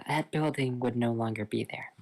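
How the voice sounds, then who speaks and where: A storyteller voicing a calm, blunt adult woman who looks after a dragon girl. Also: mid-range voice, normal speed, gravelly.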